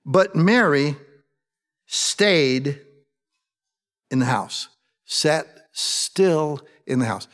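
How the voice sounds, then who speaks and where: A man with a high voice preaches in a relaxed, conversational way, putting rhetorical questions to his listeners and slipping in dry jokes. His voice carries a long reverb, as if recorded in a large hall. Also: drawn-out words, long pauses. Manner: chatty, asks the congregation rhetorical questions, wry humor. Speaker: pastor. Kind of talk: conversational sermon.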